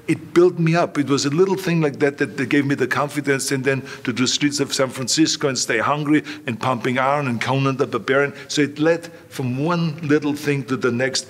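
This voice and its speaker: A man's voice: medium pitch, brisk, few pauses. Older guy from austria, interview guest telling stories, does the voices of people he quotes. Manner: animated anecdotes, acts out quoted voices. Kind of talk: storytelling in a relaxed interview.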